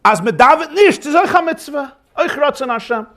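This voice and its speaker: A saintly Hasidic sage, as a storytelling rabbi puts him on, bursting with joy. His high voice leaps about as he presses his point with mounting fervor. The telling is animated and quick to climb. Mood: exuberant. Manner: exuberant, rising with excitement.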